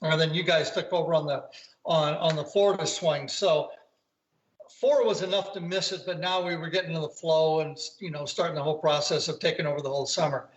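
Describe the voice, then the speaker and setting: This older man, a golf commentator, is interviewed casually by video call from his home, rambling through stories and performing the quoted voices. His voice is a little high and steady, and he speaks briskly; the audio is dull and roomy.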